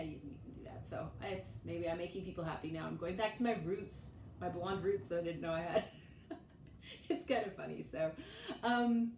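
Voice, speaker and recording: A woman in her forties, chatting casually as a vlogger. She tells stories, laughs often and acts out what other people said. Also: mid-range voice. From United States. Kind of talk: casual storytelling chat. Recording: echoey room, mic at a distance, faint noise.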